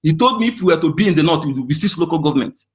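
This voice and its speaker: A man's voice: on the high side, animated, racing. A man calling in, speaking heatedly and insistently, repeating himself as he presses his point. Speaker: caller. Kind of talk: impassioned call-in speech.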